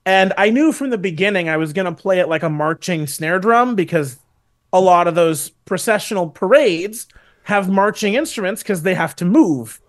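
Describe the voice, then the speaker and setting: High-voiced laid-back man on a podcast. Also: moderate pace. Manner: relaxed, laughs easily, loose storytelling. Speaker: guest musician. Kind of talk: casual podcast chat.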